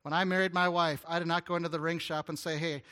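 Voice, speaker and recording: A man delivers a storytelling sermon in a bright, forceful voice that sits a little high for a man. He speaks earnestly and stumbles over repeated words now and then. His delivery turns hushed and tender at the emotional points. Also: fast talker. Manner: earnest, animated storytelling with stammered restarts. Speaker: guest pastor.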